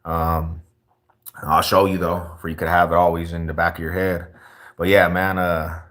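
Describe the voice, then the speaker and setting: A man's voice: low-pitched, flat delivery, normal speed, fairly bright tone. A young man from Colorado chatting casually with viewers on a livestream, laid-back and full of street slang. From Colorado, USA.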